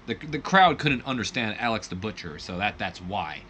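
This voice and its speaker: Man, casual game commentary, lively pitch, bright tone, faint hiss. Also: normal speed. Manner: animated, chatty, with bursts of excitement. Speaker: gaming video host.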